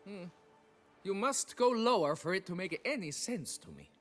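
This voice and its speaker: An actor playing a flustered, stingy quarry foreman who talks in a fussy, excitable, wheedling way in a video game. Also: sits high, normal speed, slight background noise. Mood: haggling.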